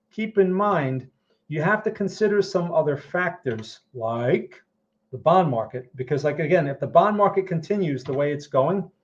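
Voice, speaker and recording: A man talking through stock charts in a loose, conversational way, pitched a little higher than most men. He keeps checking in with his listeners as he goes. The sound is dull and lo-fi. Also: darkish tone. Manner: conversational, frequent "right?" and "okay?" check-ins. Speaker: trading educator answering viewer questions. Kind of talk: casual livestream market commentary.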